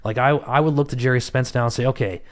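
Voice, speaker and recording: A man, a trial lawyer, talking in a relaxed, self-deprecating way on a casual podcast. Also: mid-range voice, fast.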